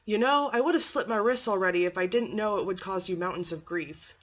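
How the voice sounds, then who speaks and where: A woman voicing a weary, bitter young male humanoid creation who talks in a low, flat, resentful way, in an amateur story reading. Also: brisk, lightly acted.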